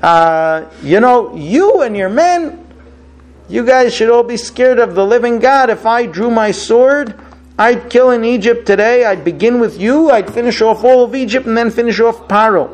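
A guy doing an angry defiant brother making threats, forceful, highish voice dropped low. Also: moderate pace. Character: fierce defiant man threatening a ruler.

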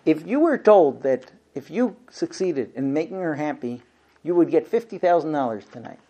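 Brief: male class teacher, lively and humorous, acts out little scenes, drops to quiet earnest points. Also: fairly high pitch, moderate pace. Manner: lively, acts out husband and wife exchanges with humor; shifts between quiet earnest points and loud playful asides. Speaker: teacher of a marriage class for men. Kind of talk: lecture to a class.

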